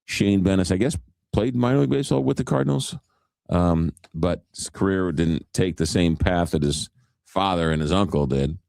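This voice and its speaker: A low-pitched man banters on morning radio, loose and jokey, slipping into silly voices. His voice is close and dry, with no room sound around it. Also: normal speed, gravelly, darkish tone, dry recording. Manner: jokey, slips into comic voices and accents. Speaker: radio show host.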